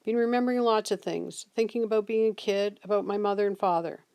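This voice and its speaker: A woman's voice: medium pitch, fast, a little mellow, clear, resonant tone, lightly acted. A woman voicing a weary, drunk middle-aged male veteran who talks in a slurred, haunted way.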